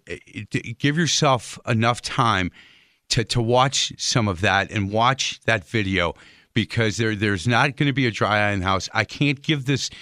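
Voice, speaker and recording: A man's voice: mid-range voice, sharp tone, no echo, clean studio sound. A man hosting a talk radio interview, affirming and conversational, bringing the segment to a break. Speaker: radio talk show host.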